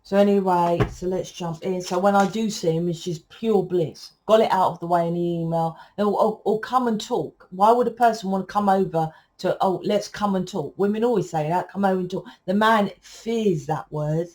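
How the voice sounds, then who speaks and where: A woman, a tarot reader talking to viewers in a loud, rambling, casual spiritual monologue that keeps correcting itself. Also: on the low side, normal speed, hardly any pauses.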